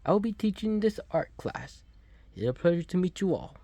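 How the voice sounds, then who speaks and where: A man's voice: high-pitched, expressive, a little fast, dark tone, no room sound, pitched above the performer's own voice. A man voicing a formal male art teacher from a game, reading his lines with a stiff, slightly accented delivery.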